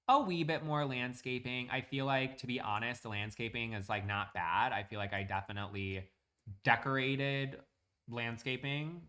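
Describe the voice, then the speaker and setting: A man's voice: mid-range voice, sharp tone. Chatty young man rambling on a stream. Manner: rambling, chatty, lots of fillers. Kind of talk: casual live-stream chat while gaming.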